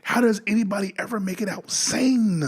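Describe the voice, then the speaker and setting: A man's voice: high voice, fairly quick, husky. A man giving casual, slangy reaction commentary, swearing often and sounding incredulous. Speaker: reaction streamer.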